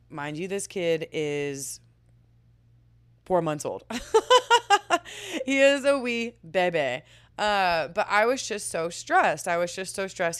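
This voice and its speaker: A woman's voice: lowish voice, clear, resonant tone, no echo. A woman in her twenties hosting a podcast alone, telling a personal story in a candid, chatty way with frequent laughs and casual swearing. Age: 20s. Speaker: podcast host.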